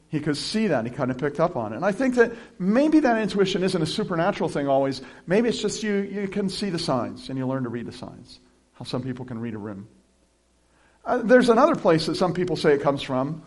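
A male pastor preaching a sermon in a relaxed, conversational way, with chuckling asides between scripture readings. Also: on the high side.

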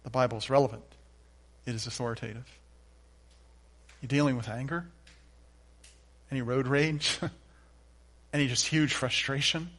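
A pastor preaching a sermon, reading scripture aloud with emphatic repeated refrains. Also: male voice, mid-range voice, fairly even intonation, normal speed, pauses often, fairly bright tone.

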